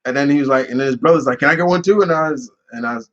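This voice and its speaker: Male streamer host, casual rambling storyteller, mid pitch, slightly muffled audio. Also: very fast. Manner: rambling storyteller with many restarts and fillers. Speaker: channel host answering live questions. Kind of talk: casual live Q&A chat.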